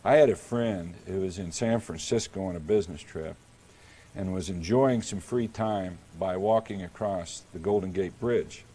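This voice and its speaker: Middle-aged man, public lecture, measured deliberate delivery, lowish voice, mellow tone. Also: husky. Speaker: mayor giving a lecture.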